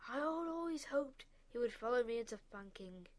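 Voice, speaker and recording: A loud, blustering middle-aged banker barks and rants about discipline, as a woman reading a storybook puts him on. His voice sits fairly high and booms with bluster. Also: expressive, moderate pace, natural voice. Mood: ranting. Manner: loud, ranting, snapping. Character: blustering pompous middle-aged male banker, bad-tempered.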